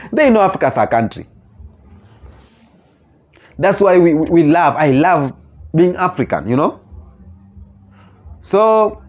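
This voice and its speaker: A man with a Kenyan accent hosting his own channel, talking earnestly in halting phrases and often restarting mid-sentence as he reacts to comments. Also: a little high, darkish tone. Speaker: channel host. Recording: slightly muffled lo-fi recording.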